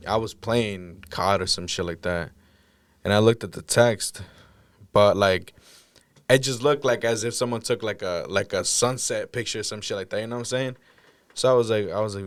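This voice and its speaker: A man on a podcast telling a story in casual, blunt, profane speech, acting out the moments when he shouted. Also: lowish voice, clear, resonant tone, dry recording. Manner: blunt, profane, acts out his own shouting. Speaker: podcast guest recounting a crisis.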